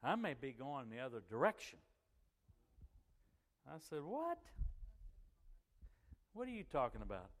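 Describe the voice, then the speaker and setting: A middle-aged man spins a folksy, chatty anecdote and slips into the voices of the people he quotes. His voice sits at an ordinary pitch and carries a long reverb, as if he is speaking in a big hall. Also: moderate pace, long pauses. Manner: chatty and animated, acts out quoted voices and laughs as he goes. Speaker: church member telling a story.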